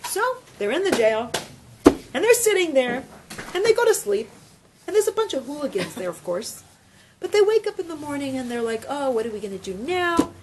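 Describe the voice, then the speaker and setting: A woman giving a storytelling religious lesson to a group, animated and asking questions. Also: high-pitched, normal speed. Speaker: religious teacher. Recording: noisy room recording.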